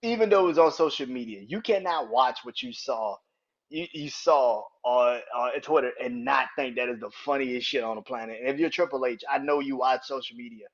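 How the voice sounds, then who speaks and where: A man's voice: mid-range voice, fairly quick, lo-fi sound. A man hosting a solo wrestling podcast, talking in a loose, profane way, laughing hard and acting out the lines of the people he quotes. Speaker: podcast host. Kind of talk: casual solo wrestling commentary.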